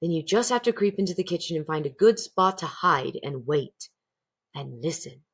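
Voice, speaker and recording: A woman's voice: sits low, moderate pace, breathy edge. A woman reading aloud, voicing a clever young boy who speaks eagerly and earnestly.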